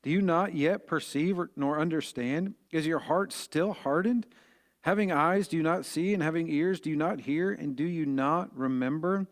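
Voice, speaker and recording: A man's voice: a little high, normal speed. A middle-aged man, preaching a short devotional sermon in an earnest, conversational way, with fillers and restarts. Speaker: pastor.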